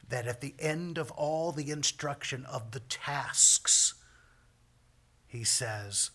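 A man explains scripture in an earnest, emphatic way. His voice is bright and forceful, with a husky, breathy edge. His hushed stretches sink to a near-whisper. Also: medium pitch, slow pace. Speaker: Bible teacher. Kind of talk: Bible teaching with commentary.

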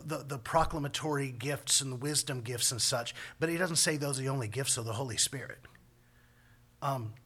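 A man's voice: a little high, pushed and bright. A man preaching a sermon as pastor, talking in a folksy, conversational way with homespun phrases.

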